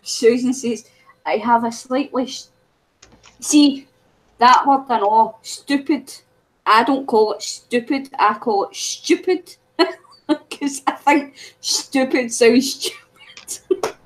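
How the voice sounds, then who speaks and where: Chatty Scottish woman, husky voice. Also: fairly high pitch, slow, pauses often, poor audio. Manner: chatty, laughs often, teasing about words. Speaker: craft livestream co-host. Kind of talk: casual chat.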